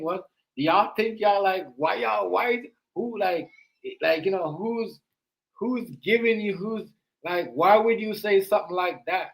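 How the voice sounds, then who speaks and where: A man's voice: a little high, pushed and bright, echoey room, low-quality recording. A man hosting a casual reaction stream, rambling with many fillers and repeated words. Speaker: stream host.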